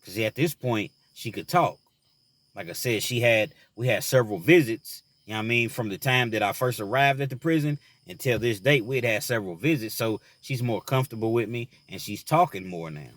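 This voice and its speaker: A man's voice: medium pitch, animated, a little fast, a bit bright, no echo. A man telling a personal story about his time in prison, earnest and reflective, full of "you know" fillers, then turning to advice for young men.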